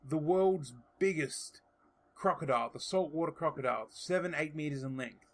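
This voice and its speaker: A man's voice: fairly high pitch, moderate pace. A young man with an Australian accent hosting a casual podcast chat, rambling and swearing freely. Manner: rambling, swears casually, trails off mid-sentence. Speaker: podcast host.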